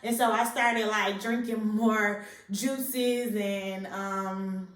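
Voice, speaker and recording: A woman's voice: mid-range voice, steady tone, very slow, fairly bright tone. A young woman, a little short of breath, chatting casually and rambling with lots of fillers in a pregnancy vlog. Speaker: vlogger sharing a pregnancy update. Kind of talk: casual chat to camera. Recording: echoey room, distant mic.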